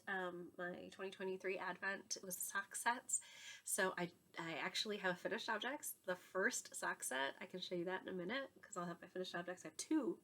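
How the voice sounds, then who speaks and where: A woman in her thirties, medium-pitched and a bit bright but stuffed-up and nasal from a cold, hosts her knitting podcast at home. As a yarn dyer talking casually to camera in front of yarn shelves, she's chatty and quick to laugh.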